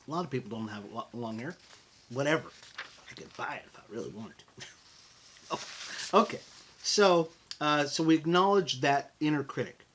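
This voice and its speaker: A middle-aged American man hosting a motivational podcast, talking in an animated, conversational way and calling his listeners folks. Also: medium pitch, slight background noise. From United States. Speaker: podcast host.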